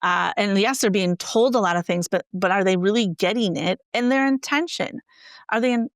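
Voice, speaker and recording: A woman teacher, a guest in an interview, telling classroom stories in an animated, conversational way. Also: medium pitch, normal speed, no echo, clean studio sound. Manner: animated, acts out quoted dialogue. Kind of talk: conversational storytelling.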